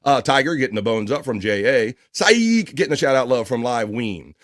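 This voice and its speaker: Male livestream host reading chat shout-outs in a casual style, dry close mic. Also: medium pitch, expressive, moderate pace, dry recording. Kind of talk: casual live show chatter.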